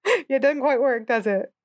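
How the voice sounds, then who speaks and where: A woman's voice: high-pitched, dry recording, studio quality. Wry, sarcastic woman podcast co-host. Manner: wry, sarcastic, laughs often. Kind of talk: casual movie discussion.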